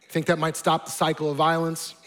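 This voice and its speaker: A man's voice: fairly high pitch, completely flat delivery, brisk. A man preaching as a pastor, earnest, building to emphatic appeals. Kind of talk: sermon. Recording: long reverb with soft music behind.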